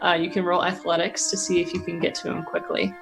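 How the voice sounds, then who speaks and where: A woman narrating a tabletop game as game master, relaxed and hesitant with many fillers. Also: on the low side, quick pace, gravelly, over music, low-quality recording.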